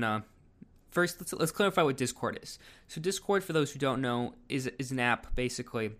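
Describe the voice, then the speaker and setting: A man's voice: mid-range voice, expressive, a little fast, fairly bright tone. A man giving casual video commentary, rambling with lots of fillers. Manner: rambling, filler-heavy delivery.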